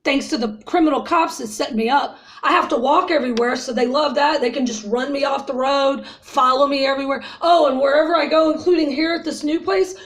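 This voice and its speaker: Woman, fifties, high voice, agitated vlog rant, shaken after crying. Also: steady tone, a little fast, hardly any pauses. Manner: agitated, ranting, addresses viewers as y'all. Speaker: vlogger. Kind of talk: emotional personal vent to viewers.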